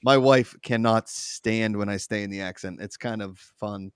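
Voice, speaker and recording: An excitable man from Pittsburgh hosts a casual game watch party, reading chat messages aloud and laughing often. The sound is close and dry. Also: lowish voice, normal speed, clear, resonant tone, no echo. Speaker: host.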